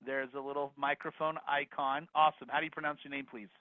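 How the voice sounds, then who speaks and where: A man teaching a live online real estate course, energetic and upbeat, talking straight to the attendees. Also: mid-range voice, fast, no room sound. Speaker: real estate investing instructor. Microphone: video call. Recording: dry phone-like video call audio.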